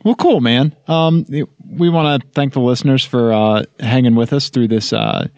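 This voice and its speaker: A man's voice: medium pitch, moderate pace, darkish tone, dry recording, lo-fi sound. A man co-hosting a casual podcast, joking and rambling with lots of fillers, recorded at home. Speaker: podcast co-host. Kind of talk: casual chat. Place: home blanket fort.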